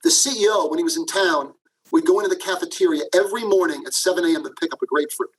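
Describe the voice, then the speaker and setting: A man's voice: fairly high pitch, rapid-fire, breathy edge, poor audio. A man being interviewed as a guest, telling a career story and often addressing the host by name. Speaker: guest, management professor.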